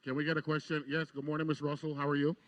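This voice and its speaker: A man hosts a live morning talk program, his voice pitched a little high. He talks loosely and chattily, repeating himself as he moves things along. He is broadcasting from an outdoor deck. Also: monotone, rapid-fire, highs cut off. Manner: chatty, stumbling restarts. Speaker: host. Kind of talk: live radio talk show hosting.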